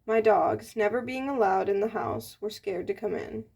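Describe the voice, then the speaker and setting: A woman reading a novel aloud in a gentle, plain storybook manner, giving the characters light voices. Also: mid-range voice, normal speed, gravelly, breathy edge. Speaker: audiobook reader.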